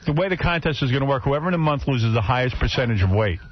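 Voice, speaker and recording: A man's voice: medium pitch, lively intonation, racing. A man hosting a radio show, bluntly teasing the crew and running the segment. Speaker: radio host. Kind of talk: brash radio banter. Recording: muffled radio studio recording.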